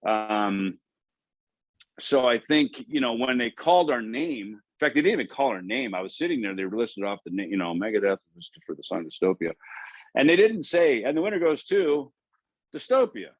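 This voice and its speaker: Low-voiced american guy, rambly, tons of "you know"s, dry close sound. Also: lively intonation, normal speed, dry recording. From United States. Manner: rambling, many "you know" fillers and restarts. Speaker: guest musician. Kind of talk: casual interview talk.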